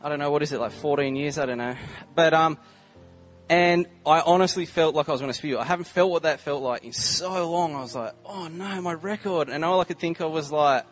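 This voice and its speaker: Chatty young Australian preacher, higher voice. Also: male voice, brisk, soft background music. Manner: chatty, humorous storytelling with many "like" and "um" fillers. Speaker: visiting preacher. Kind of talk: casual testimony in a sermon.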